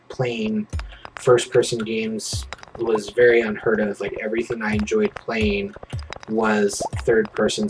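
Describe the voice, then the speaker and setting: A man streaming and telling a story in casual chat, animated and vivid, with casual swearing. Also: medium pitch, noisy background.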